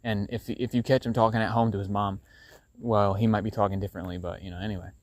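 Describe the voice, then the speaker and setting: A solo podcast host from the United States rambles at a quick pace in a lowish voice with little pitch movement. He swears freely and fills the gaps with fillers.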